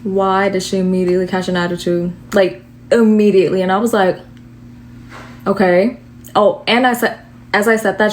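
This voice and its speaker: A woman's voice: medium pitch, a little mellow, a little hiss or hum. A young woman tells a storytime to the camera in an exasperated rant, with lots of swearing and fillers.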